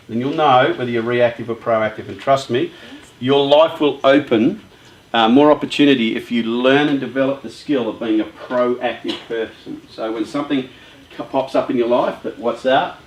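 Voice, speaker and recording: A lively man leads a motivational workshop for young people, trading questions with the audience and telling stories with a chatty touch. His mid-pitched voice rings around a roomy, echoing space. He sounds easygoing and direct. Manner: lively, chatty storyteller who talks with the audience. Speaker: youth workshop speaker.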